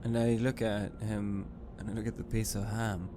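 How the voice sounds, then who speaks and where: A man playing a character in a tabletop horror game, answering quickly and eagerly. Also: lowish voice, level tone, noisy background.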